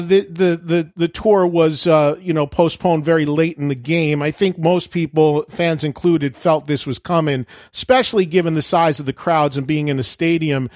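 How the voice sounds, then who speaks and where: Male podcast host, higher register, upbeat bursty delivery, dry studio sound. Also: dry recording. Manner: upbeat, talks in quick bursts with restarts. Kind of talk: casual radio-style interview.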